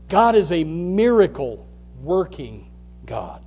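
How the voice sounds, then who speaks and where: A man preaching as a pastor, swinging from loud, rising calls down to near-whispers. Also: sits high, expressive, a little slow, faint music behind. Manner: preaching with sudden loud rises and hushed drops. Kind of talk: sermon.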